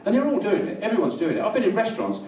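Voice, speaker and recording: A middle-aged man from England doing a live stand-up set, rambling and deadpan, in a small comedy venue. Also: sits high, very fast. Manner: dry, rambling, deadpan with crowd laughter. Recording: roomy live venue, distant mic.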